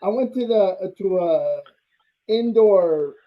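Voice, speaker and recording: A laid-back man chats about his team as co-host, dropping curses and calling his partner bro. His voice sits high for a man. The recording is dull and lo-fi. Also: expressive, takes it slowly. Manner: laid-back, cursing, says bro a lot. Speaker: podcast co-host. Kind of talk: profane casual sports chat. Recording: dull lo-fi audio.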